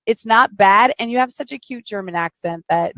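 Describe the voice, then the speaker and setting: A woman's voice: medium pitch, moderate pace, fairly bright tone, no room sound. A middle-aged American woman hosting a live-streamed podcast over a video call, chatting casually, teasing and laughing often. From United States. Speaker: podcast host.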